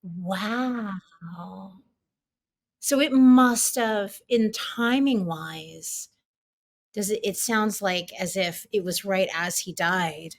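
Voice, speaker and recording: A woman's voice: mid-range voice, extremely slow, no room sound. A woman hosting a podcast, chatting casually and asking her guest questions. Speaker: podcast host. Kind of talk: casual interview chat.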